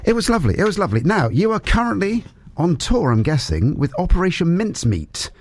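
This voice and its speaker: A man's voice: high-pitched, brisk, dry recording. A man hosting a radio show, interviewing a guest with enthusiastic, chatty energy. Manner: lively, enthusiastic, laughs easily. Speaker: radio presenter.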